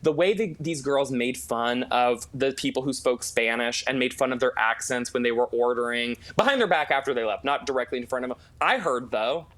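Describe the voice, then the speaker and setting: A man's voice: medium pitch, fairly quick, few pauses. A man, a makeup artist, telling a gossipy story in a casual interview, full of restarts and swearing. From Los Angeles. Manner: animated, profane, gossipy storytelling with many restarts. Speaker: guest, celebrity makeup artist.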